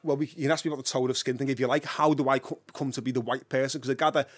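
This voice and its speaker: A man from England with a Liverpool accent, a podcast guest telling his story in a lively, animated way and laughing often. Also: medium pitch, very fast, no echo. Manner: animated, laughs often, acts out voices in anecdotes. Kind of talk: casual storytelling interview.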